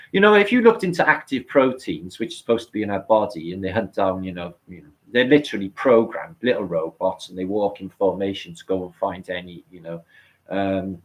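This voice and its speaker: A man's voice: low-pitched, low-quality recording. A middle-aged man hosting a live stream, chatting casually, rambling and swearing as he answers comments.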